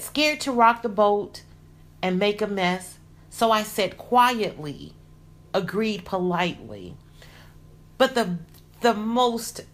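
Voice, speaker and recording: A woman hosting a motivational podcast, talking in an earnest, encouraging way that grows lively when she gets excited. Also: medium pitch. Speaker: podcast host.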